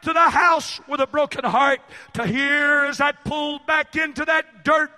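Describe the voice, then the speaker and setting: A man preaching a sermon, impassioned and climbing into shouts, with frequent "uh" pauses. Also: very high-pitched, steady tone. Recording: echoey hall reverb.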